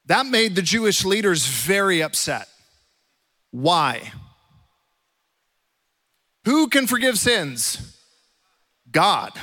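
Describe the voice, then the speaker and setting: A man with a high, bright-sounding voice preaches a sermon in a casual, animated way. His delivery swings between quick asides and bursts that rise in force. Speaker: pastor. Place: church auditorium.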